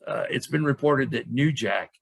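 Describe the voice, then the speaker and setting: Gravelly male podcast host. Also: medium pitch, normal speed, dry recording. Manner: polite, hesitant questions. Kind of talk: casual interview.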